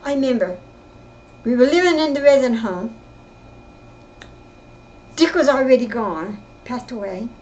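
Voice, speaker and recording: An older woman telling her own story in casual, rambling speech, often halting and repeating herself. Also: a little high, animated, a little mellow, highs cut off, slight background noise. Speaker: interviewee recounting her life. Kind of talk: casual spoken reminiscence.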